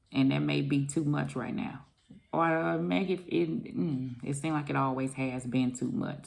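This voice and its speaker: A woman's voice: a bass voice, gravelly, slight background noise. A woman giving a casual tarot reading to camera, rambling and musing aloud, often trailing off and circling back to how she feels. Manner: rambling, loose, repeats "I feel like"; muses aloud, trails off with "I don't know". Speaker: tarot reader.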